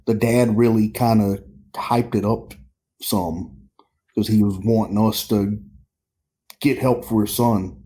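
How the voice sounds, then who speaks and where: A man, a sheriff's deputy, telling his story in an interview, halting with many restarts. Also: lowish voice, steady tone, dark tone.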